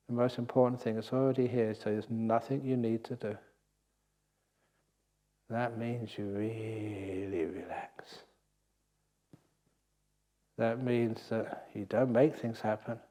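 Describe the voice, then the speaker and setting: An older man giving a gentle, unhurried meditation talk with playful asides, as a meditation teacher on retreat. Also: mid-range voice. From England. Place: meditation hall at a retreat centre.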